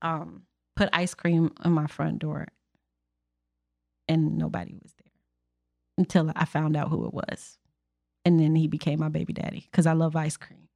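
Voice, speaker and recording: Young woman, gravelly, relaxed slangy talker, casual chat. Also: sits low, moderate pace, pauses often. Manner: laughing, loose slangy talk.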